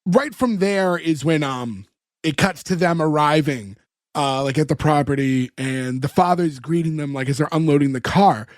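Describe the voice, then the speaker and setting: A man's voice: on the high side, normal speed, no room sound, clean studio sound. A man co-hosting a podcast, casually recapping a sitcom episode and acting out lines from it. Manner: animated retelling, acts out quoted lines. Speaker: podcast co-host.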